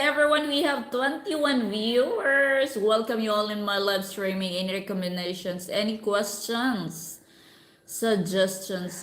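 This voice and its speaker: A woman's voice: mid-range voice, fairly bright tone, roomy sound, slight background noise. A woman with a Filipino accent from Cebu, hosting a casual livestream from home, chatting and reading viewer comments aloud. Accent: Filipino (Cebuano). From Philippines. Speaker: livestream host. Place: home with pet cats.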